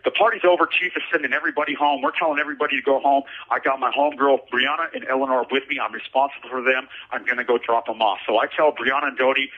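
A man's voice: medium pitch, steady tone, quick pace, hardly any pauses, phone-quality sound. A man telling a story about his own past in a casual, slangy way, often repeating phrases for emphasis.

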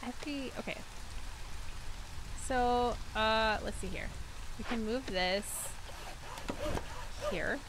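A woman live-streaming a game in casual commentary, excitable and swearing freely, with yelled outbursts at the game. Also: a little high, slow, long pauses, noisy background.

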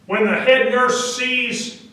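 A man preaching who tells his story in a slow, deliberate way and pauses on a filler now and then. His voice sits fairly high. The sound carries a heavy church echo and comes from well back from the mic. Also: fairly even intonation, bright, forceful tone. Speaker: pastor. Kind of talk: sermon storytelling. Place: church sanctuary. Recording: echoey church from a distance.

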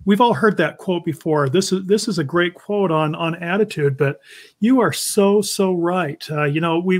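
Man host with a fairly high voice. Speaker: interview host. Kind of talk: conversational interview.

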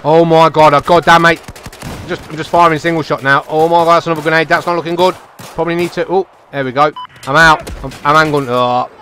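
A young man giving excitable, chatty commentary over his own game, talking to himself and his teammates. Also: a little high, fairly quick, a little hiss or hum. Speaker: gaming channel host. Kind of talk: live gameplay commentary.

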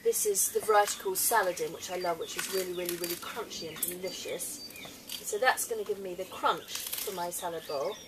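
An enthusiastic English woman talks through her gardening in a relaxed how-to style, with easy fillers. She is recorded outdoors from a little way off the mic. Birdsong and rural ambience are clearly heard behind her. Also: mid-range voice. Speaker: gardening presenter. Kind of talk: casual how-to demonstration. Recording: distant mic outdoors with background noise.

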